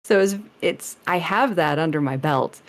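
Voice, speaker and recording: Low-voiced woman, chatty and laughing. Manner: rambling, laughing, quick restarts. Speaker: streamer guest. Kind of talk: casual podcast interview chat.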